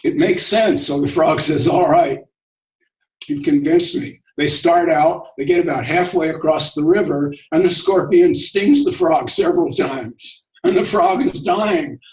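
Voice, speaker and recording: A man's voice: fairly high pitch, measured pace, hardly any pauses. Man talking far off in an echoey room. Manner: relaxed storytelling, chuckles often. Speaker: host of an online discussion. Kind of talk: casual spiritual talk. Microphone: video call. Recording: echoey room, distant from mic.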